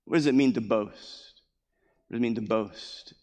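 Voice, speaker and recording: A man's voice: medium pitch, moderate pace, darkish tone. Man preaching in an echoing hall. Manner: emphatic preaching that repeats key phrases; acts out scripture quotes in a raised voice. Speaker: pastor. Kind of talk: sermon. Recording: long hall reverb.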